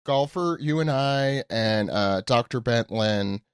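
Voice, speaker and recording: A man hosting a podcast in a casual, joking way, teasing his guests with quick asides. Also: mid-range voice, clean tone, no room sound, studio quality. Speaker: podcast host. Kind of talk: casual chat.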